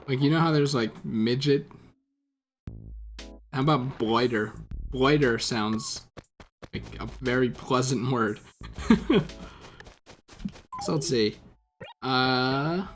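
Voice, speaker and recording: Man, let's play commentator, unhurried and rambling, self-correcting with casual swearing, over clear game music. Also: medium pitch. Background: video game music.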